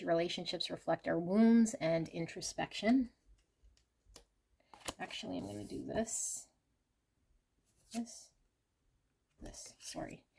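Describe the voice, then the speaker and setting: A woman's voice: lowish voice, vocal fry, a little mellow, slight background noise. A woman reading tarot and oracle cards for viewers, naming each card with effusive, breathless reactions.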